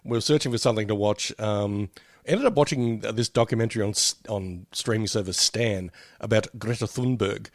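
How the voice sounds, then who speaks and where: A man's voice: on the low side, moderate pace, no room sound, studio quality. A man co-hosting a podcast, chatting casually, rambling with many fillers and frequent laughter. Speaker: podcast co-host. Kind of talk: casual chat.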